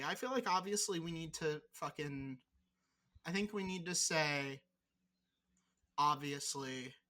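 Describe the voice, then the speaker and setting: A podcast co-host with a medium-pitched voice chats in a loose, rambling way. Her or his tone is bright and forceful, and the banter is teasing and laced with swearing.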